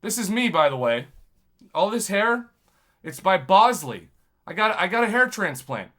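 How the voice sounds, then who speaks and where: A man, a YouTube journalist, talking to camera in a rambling, impassioned monologue full of shout-outs. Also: sits high, very animated, unhurried. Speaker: YouTube video game journalist.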